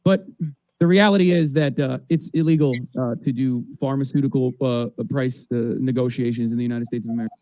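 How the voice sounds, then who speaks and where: A man's voice: medium pitch, fairly even intonation, a little fast, dark tone, dry recording. A man in his thirties giving an emphatic, sarcastic political rant with swearing. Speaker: political streamer. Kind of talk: animated commentary rant.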